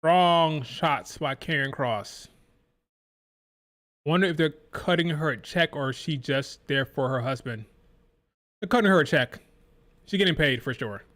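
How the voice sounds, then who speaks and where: A man's voice: fairly high pitch, moderate pace, a bit bright. Chatty man mimicking crowd chants. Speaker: live stream reaction host. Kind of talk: casual wrestling watch-along commentary.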